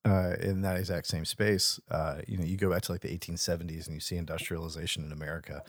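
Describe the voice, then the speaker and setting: A man's voice: sits low, level tone, fast talker, dry recording, clean studio sound. A man hosting a casual conversation, listening closely with frequent agreeing murmurs and then musing on history.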